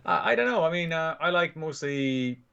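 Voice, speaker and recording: A man's voice: a little high, expressive, normal speed, vocal fry, pushed and bright, smooth, highs cut off. A man co-hosting a podcast in casual banter, hesitant and sheepish with frequent laughs. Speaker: podcast co-host.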